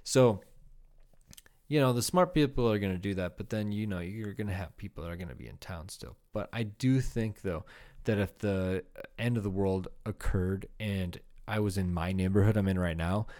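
A man's voice: sits low, normal speed, darkish tone. A young man from Iowa, a comedian hosting a podcast alone, rambling through a profane comedic rant with laughing asides. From Iowa, USA.

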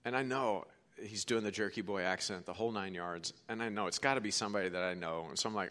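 A middle-aged man preaching a sermon as pastor, telling stories and swinging from hushed to forceful. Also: on the low side, quick pace. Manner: storytelling, quoting others, swings from hushed to forceful.

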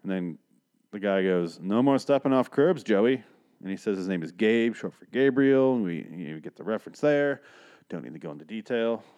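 A man's voice: deep voice, expressive, fairly quick, a little mellow, clean tone. A young man hosting a podcast, casually recapping a TV episode with rambling, profane, sarcastic asides. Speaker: podcast host.

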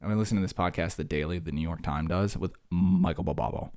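A young man hosting a solo podcast, ranting fast and sarcastically, jumping from one tangent to the next. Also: low voice, darkish tone, no room sound, studio quality. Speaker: podcast host.

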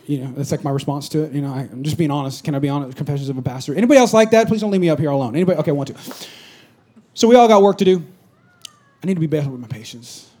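A man preaching a conversational sermon as a pastor to a congregation, swinging from loud exhortation to quiet asides. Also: fairly high pitch, rapid-fire, breathy edge. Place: church stage before a congregation.

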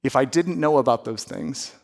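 A pastor interviewing a staff member during a service, affirming and lightly teasing. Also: male voice, mid-range voice, lively intonation, moderate pace.

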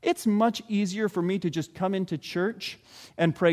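A man with a high, light voice preaches a sermon in a church. He stays earnest and conversational and sometimes slips into the voices of ordinary people. A long reverb hangs behind each phrase. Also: moderate pace, darkish tone. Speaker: pastor. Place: church sanctuary.

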